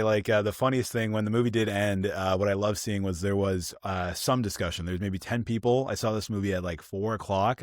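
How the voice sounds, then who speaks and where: A man co-hosting a podcast, chatting casually about films and acting out the people in his stories with lively energy. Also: on the low side, no room sound, clean studio sound. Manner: animated storytelling, acts out quoted people. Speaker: podcast co-host. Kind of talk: casual film review chat.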